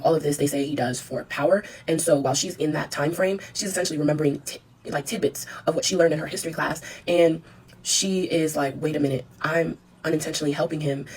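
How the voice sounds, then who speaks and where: Young woman vlogger, fast and slangy drama recap, husky, a touch off-mic. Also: low-pitched. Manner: animated, chatty, slangy storytelling. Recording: voice a bit far from mic.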